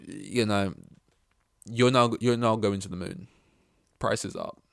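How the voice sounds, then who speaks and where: A young man hosting a podcast alone, talking excitedly in casual commentary, swearing freely and acting out what others said. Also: on the low side, measured pace, gravelly, dry recording, clean studio sound. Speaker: podcast host.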